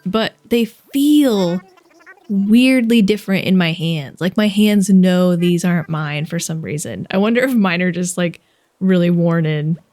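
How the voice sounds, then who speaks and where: A woman's voice: on the low side, a little slow, a little mellow. Chatty, giggly young woman gamer. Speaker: gaming vlogger. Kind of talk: casual gameplay commentary.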